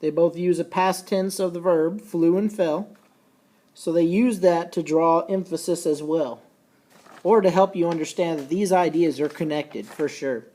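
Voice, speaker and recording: A man teaching a recorded lesson, folksy and casual, slowing down and repeating key points so students can take notes. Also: a little high, dark tone. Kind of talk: recorded classroom lecture.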